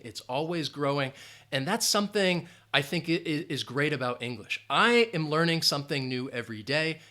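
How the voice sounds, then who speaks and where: A man teaching English in a live-stream Q&A, lively and emphatic, repeating key phrases. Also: on the high side.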